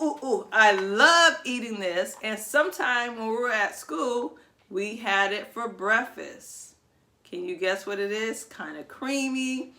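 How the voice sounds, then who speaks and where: A woman's voice: a little high, sharp tone. A woman preschool teacher giving a video lesson to young children, talking in a sing-song, encouraging way.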